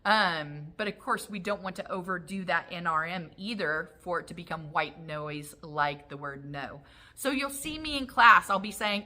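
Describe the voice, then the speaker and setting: A woman teaching a dog training lesson, explaining calmly and acting out how she calls the dog. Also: on the low side, normal speed. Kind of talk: instructional talk.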